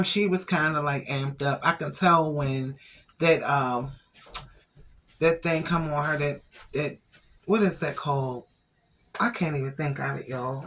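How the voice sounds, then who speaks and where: A woman's voice: low-pitched, a bit bright. A woman vlogger chatting casually to her viewers, retelling her day with lots of quoted dialogue. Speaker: vlogger and family caregiver. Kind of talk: casual storytelling to camera.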